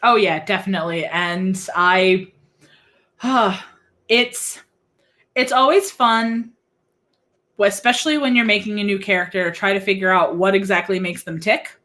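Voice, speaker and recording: A young woman, a music teacher and guest, chatting excitedly on a video call. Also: a little slow. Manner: chatty, excitable, breaks into sung and squeaky bits. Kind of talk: casual interview chat.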